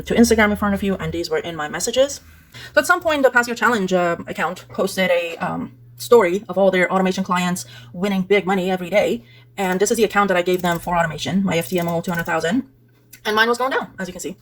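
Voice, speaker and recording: A woman's voice: fairly low pitch, a bit bright. A woman vlogger walking through screenshots in casual, exasperated talk, peppered with "like" and "blah, blah". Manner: indignant, exasperated; conversational, with fillers like "like" and "blah, blah".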